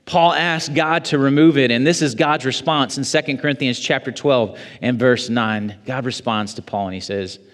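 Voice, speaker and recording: A man preaching a sermon as pastor, quoting scripture in a measured way and building to emphatic high points. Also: a bit bright. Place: church sanctuary. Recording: long church reverb.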